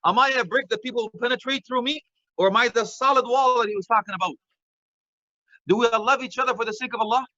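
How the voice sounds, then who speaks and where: A middle-aged man giving a lively sermon, joking and dropping in phrases. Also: very high-pitched, quick pace, dry recording, highs cut off. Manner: animated, joking, mixes Arabic phrases. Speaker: Islamic preacher.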